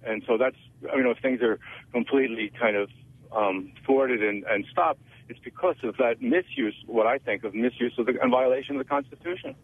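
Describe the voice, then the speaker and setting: A man calling in to a radio show over the phone, making an earnest, somewhat halting point. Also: medium pitch, slightly rough. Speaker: caller. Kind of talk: phone-in caller. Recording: tinny phone line.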